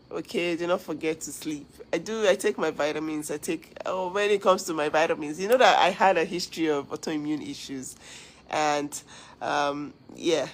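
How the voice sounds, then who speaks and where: A woman's voice: fairly low pitch, low-quality recording. A woman hosting a casual livestream, talking earnestly to viewers, giving advice and thanking them. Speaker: livestream host.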